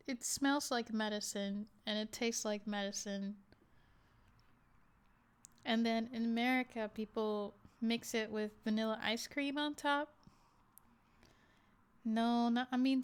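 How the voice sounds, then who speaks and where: A woman with a smooth, clear voice chats casually on a livestream, pitched a little high. She talks slowly and halts often to search for words, filling the gaps with little fillers. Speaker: livestreaming artist. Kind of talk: casual chat while reacting to a video.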